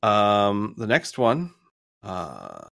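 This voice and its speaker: Male game master, unhurried and rambling, dry close mic. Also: lowish voice, huge pitch swings, gravelly, dry recording. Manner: rambling, laughs between lines, counts out loud. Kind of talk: narrating a tabletop game.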